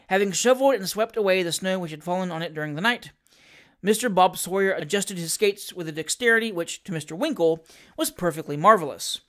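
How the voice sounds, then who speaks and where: A reader narrating a classic novel aloud in a measured, steady manner. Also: mid-range voice. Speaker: audiobook reader.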